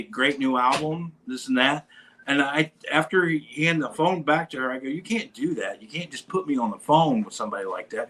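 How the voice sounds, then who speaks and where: A man hosting a casual show, telling a rambling, animated anecdote about meeting a band. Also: medium pitch, low-quality recording. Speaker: podcast host; bass player in a metal band. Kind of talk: casual storytelling chat.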